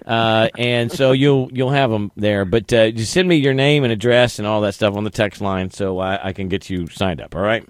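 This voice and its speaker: A man's voice: fairly low pitch, normal speed, few pauses, no echo, clean studio sound. A man hosting a radio call-in game, self-deprecating and stumbling over his words, laughing at himself. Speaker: radio show host.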